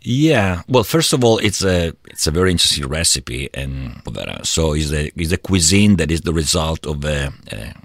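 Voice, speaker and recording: A middle-aged Italian man with a notably low voice, speaking English with an Italian accent. He talks in halting phrases, full of fillers and restarts as he searches for words. The recording is close and dry. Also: lively intonation, no echo. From Italy. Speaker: guest, travel business owner. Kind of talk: interview.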